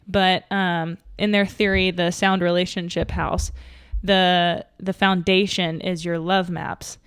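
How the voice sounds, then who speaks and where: A woman's voice: lowish voice, flat delivery, slow, a bit bright, clear, resonant tone, dry recording, clean studio sound. A young woman hosting a solo podcast, chatting and thinking aloud with fillers and restarts, slightly out of breath. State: a little out of breath. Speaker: podcast host. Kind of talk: casual solo podcast talk.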